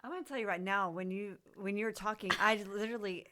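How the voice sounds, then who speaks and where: Smooth-voiced eager podcast woman. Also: medium pitch, fairly even intonation, fast, sharp tone. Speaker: podcast co-host. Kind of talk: spiritual podcast chat.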